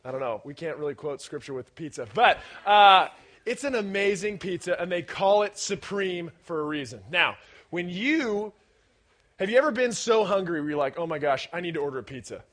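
Bright-voiced man preaching to teens. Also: sits high, normal speed. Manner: animated, playful, shouting at peaks, audience questions. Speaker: youth pastor. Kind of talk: energetic youth-group sermon.

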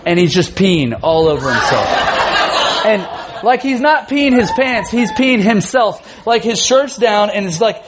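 A man in his thirties, a youth pastor telling a funny family story in a sermon, animated and often laughing. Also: high voice, unhurried, over a noisy crowd, very noisy.

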